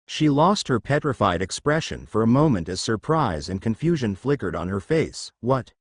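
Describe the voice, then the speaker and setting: Male narrator with a lively, dry voice. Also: lowish voice, moderate pace, dry recording. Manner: reads all characters' dialogue in the same even voice. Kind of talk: fan fiction audiobook narration.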